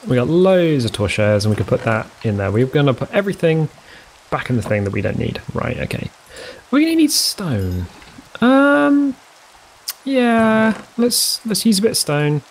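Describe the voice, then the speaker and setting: A man talks through a game in a relaxed, rambling way. He counts under his breath and throws in self-mocking jokes. His voice sits at a middling pitch, with a faint hiss behind it. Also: vocal fry, low-quality recording. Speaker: let's play host. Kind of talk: casual gameplay commentary.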